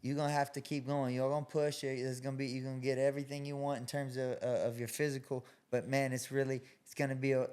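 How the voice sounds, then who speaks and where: A man who fights and coaches at a gym, calmly explaining his training ideas as a guest on a podcast. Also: mid-range voice, fast talker, hardly any pauses, clean tone. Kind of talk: podcast interview.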